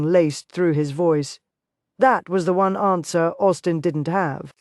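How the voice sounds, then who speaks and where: Dry, steady audiobook narrator. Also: medium pitch, takes it slowly, dry recording. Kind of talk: scripted narration of a Western romance.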